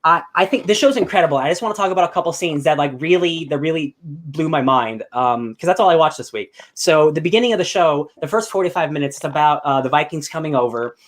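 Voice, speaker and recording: A young man hosting a podcast, chatting casually in an excitable, rambling way with bursts of loud enthusiasm. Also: on the high side, fast, few pauses. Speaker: podcast host. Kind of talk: casual chat.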